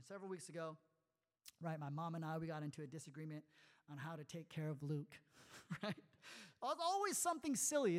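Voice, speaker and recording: A man preaching a sermon as a pastor, conversational and animated, full of rhetorical questions. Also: a little high, big-room sound.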